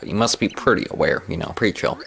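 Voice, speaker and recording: A man's voice: deep voice, lively intonation, quick pace, creaky, a bit bright, slight background noise. A man casually commenting on a video game as he plays, joking around and reading the game text aloud. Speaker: let's play host.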